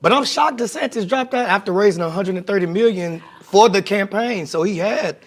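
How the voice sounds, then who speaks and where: Raspy, hoarse man. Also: high-pitched, brisk. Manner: teasing, laughs often. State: hoarse from vocal nodules. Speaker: talk show co-host. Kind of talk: casual chat.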